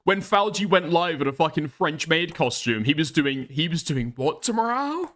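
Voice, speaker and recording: A man's voice: a little high, very animated, moderate pace, a bit bright. A man streaming live, reacting to a clip with profane, exasperated commentary and laughing asides.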